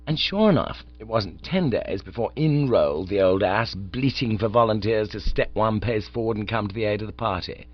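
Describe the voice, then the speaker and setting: A man reading an audiobook in scripted narration with a wry, lively manner. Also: lowish voice, moderate pace, few pauses. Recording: dull, dry audiobook recording.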